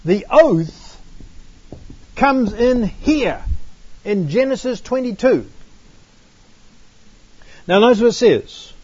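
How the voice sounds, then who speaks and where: A man's voice: very high voice, big pitch swings, slow, pauses often, darkish tone, husky. A man giving a Bible teaching, reading verses aloud and asking emphatic rhetorical questions. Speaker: preacher. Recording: dull dry lo-fi recording.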